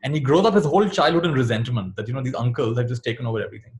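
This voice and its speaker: A man telling a dharma story to young listeners, his voice rising high and dropping low as he acts out each character's lines. He laughs softly at the funny turns and speaks in a warm, easy storytelling way. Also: very fast. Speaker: monk giving a dharma talk.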